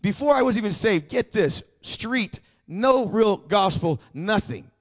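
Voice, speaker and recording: A man's voice: high voice, animated, a little slow. A male pastor preaching a sermon, emphatic and prompting the congregation to repeat after him.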